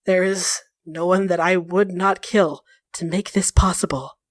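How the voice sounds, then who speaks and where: A woman voicing a brooding ancient male elf god who talks low, soft and weary. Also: steady tone, measured pace, no room sound, clean studio sound, close to an everyday voice. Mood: cold.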